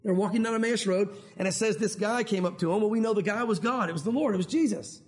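High-voiced preaching man. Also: quick pace. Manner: conversational preaching, rhetorical questions, acts out quoted voices. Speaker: pastor. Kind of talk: sermon.

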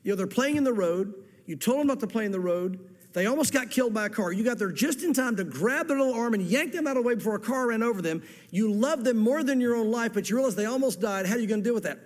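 Man, pastor, fervent sermon, high voice, long hall reverb. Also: lively intonation, fast talker. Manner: fervent preacher, repeats words and quotes scripture with emphasis.

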